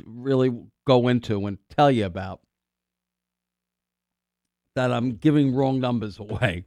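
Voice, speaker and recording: A man's voice: mid-range voice, unhurried, pauses often, darkish tone, no echo. A middle-aged man hosting a call-in radio show, talking in a rambling, chatty way with lots of fillers and restarts, and now and then a cough. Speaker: radio host. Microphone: studio microphone.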